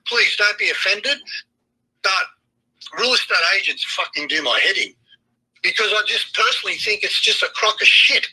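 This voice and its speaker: A man's voice: high-pitched, bright, forceful tone, husky, poor audio. Profane, ranting Australian man. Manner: emphatic, profane, heated. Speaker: trading chat host. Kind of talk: blunt rant to an online audience.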